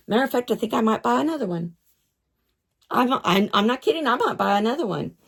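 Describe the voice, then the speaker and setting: A woman's voice: a little high, expressive, fast, creaky, slight background noise. A woman vlogging in a casual chat about her doll collection, gushing, repeating herself and stumbling over names.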